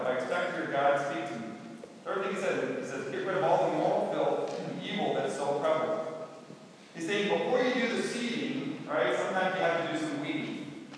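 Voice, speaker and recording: Folksy pastor preaching in echoey hall. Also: male voice, fairly high pitch, a little hiss or hum. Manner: conversational, folksy preaching with asides. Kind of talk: sermon. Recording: echoey hall, mic far off.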